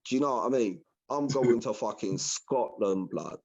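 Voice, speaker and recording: A man's voice: medium pitch, animated, normal speed, darkish tone, muffled recording. A man in rowdy football banter, swearing and joking in heavy slang. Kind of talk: casual football chat.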